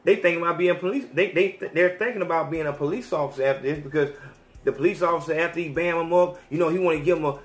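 High-voiced podcast guy ranting, lots of slang and cussing, echoey room. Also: quick pace. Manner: animated, slangy, heavy swearing. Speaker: podcast host. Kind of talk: profane rant. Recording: roomy echo.

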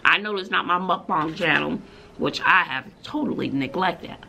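A woman's voice: fairly low pitch, moderate pace, creaky, background noise. A woman teacher with a Texas accent, vlogging casually from her classroom at lunch and telling stories with sudden squeals. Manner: chatty, animated storytelling with sudden squeals. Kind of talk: casual vlog chat.

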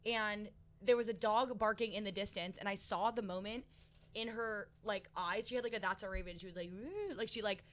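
Woman, podcast co-host, excitable, joking, heavy swearing, casual banter. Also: mid-range voice, brisk.

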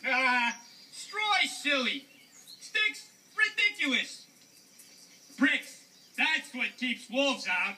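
A woman's voice: sits high, sing-song, slow, pauses often, bright, forceful tone, far from the mic, slight background noise, full character voice. A woman voicing a sensible, bossy little pig in a children's puppet show, emphatic and insistent.

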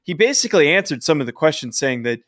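A man's voice: on the high side, very animated, quick pace, fairly bright tone, no echo, clean studio sound. A man co-hosting a football podcast in a casual chat, enthusiastic and prone to voice cracks. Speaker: podcast co-host.

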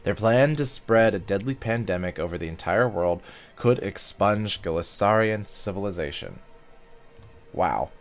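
A man's voice: on the low side, measured pace, faint music behind. A man hosting a casual gaming video, chatting and reading game text aloud as he plays. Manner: chatty, reacts aloud and sings snatches of songs.

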